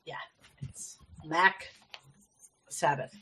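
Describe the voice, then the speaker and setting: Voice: very slow, sharp tone, slight background noise. A podcast host in casual chat, chatty and rambling, with laughing asides.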